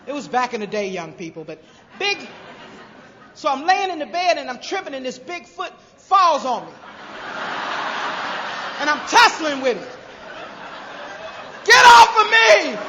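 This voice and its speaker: A woman from South Carolina telling her recovery story to a crowd, a lively storyteller who acts out voices with humor. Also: high voice, background noise. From Greenville, South Carolina. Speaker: recovery speaker. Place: large convention hall. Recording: dull lo-fi convention hall recording with long reverb.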